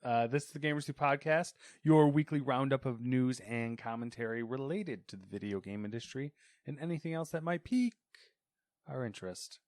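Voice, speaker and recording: A man's voice: medium pitch, normal speed, darkish tone, no room sound, studio quality. A man hosting a weekly gaming podcast, chatting loosely and trailing off mid-thought. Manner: rambling, trails off into mumbles. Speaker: podcast host. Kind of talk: casual chat.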